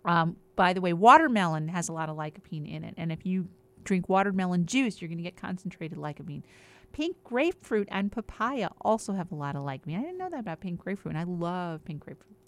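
A woman's voice: lowish voice, animated, fast, a bit bright. A woman on a regular show, talking in an upbeat, chatty way as she explains things and lists example after example. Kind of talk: casual explanatory health chat.

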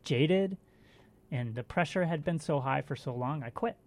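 A middle-aged man, a guest on a talk show, recalling his racing years in a halting way full of fillers. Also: fairly high pitch, darkish tone. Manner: halting, filler-heavy recollection. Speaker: guest, former bike racer. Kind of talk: casual conversational storytelling.

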